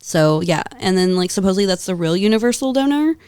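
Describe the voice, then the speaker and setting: A woman guest on a podcast, telling stories in a lively, casual way, swearing freely and laughing often. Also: mid-range voice, quick pace, smooth, no room sound, studio quality. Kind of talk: casual storytelling chat.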